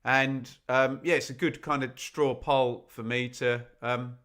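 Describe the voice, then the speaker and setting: Bright, chatty man hosting a stream. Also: medium pitch, level tone, a little slow. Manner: chatty, jokey, bursts into snatches of song. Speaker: football watch-along host. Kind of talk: live-stream chat reading out viewers.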